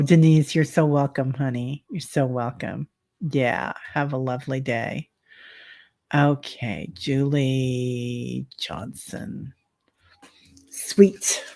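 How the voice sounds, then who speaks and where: A middle-aged woman doing a tarot reading livestream, talking casually and warmly with viewers, rambling, with lots of fillers. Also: a bass voice. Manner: slow, chatty, rambling with many fillers. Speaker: tarot reader and medium.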